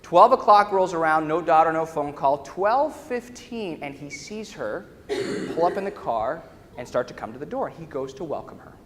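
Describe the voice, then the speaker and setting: A man's voice: a little high, expressive, moderate pace, a bit bright, slight background noise. A man, a workshop trainer, telling a story to a live audience in a large lecture hall and often checking in with his listeners. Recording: echoey hall with faint ambience.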